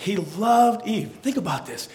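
A man preaching a humorous sermon as pastor, with animated, joking storytelling. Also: high voice, unhurried, reverberant.

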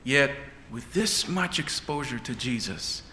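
Male preacher, lively and bright, dramatic sermon delivery; echoey church hall. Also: mid-range voice, unhurried, a little hiss or hum. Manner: dramatic, rising and falling delivery.

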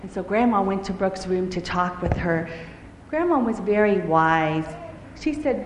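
A woman telling a children's story in a lively, expressive way. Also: fairly low pitch, moderate pace, a little hiss or hum. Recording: echoey hall with faint ambience.

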